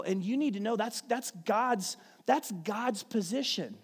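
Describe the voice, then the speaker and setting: A man's voice: high voice, expressive, a little slow, hardly any pauses, breathy edge. A man preaching a sermon, telling a family story in a conversational way with frequent restarts. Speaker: pastor. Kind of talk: sermon with personal stories. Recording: long hall reverb.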